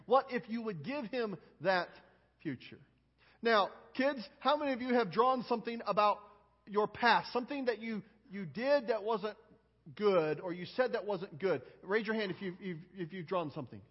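High husky pastor in a reverberant hall. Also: male voice. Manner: coaxing, asks many questions, repeats words at starts. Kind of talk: children's sermon with audience questions. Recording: long hall reverb, dull lo-fi sound.

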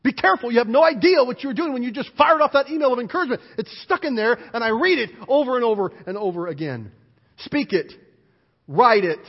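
A man preaching a sermon as pastor, animated and emphatic, driving points home with repeated lists. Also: very high voice, fast talker, slightly rough. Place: church sanctuary. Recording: dull, hall-reverberant church recording.

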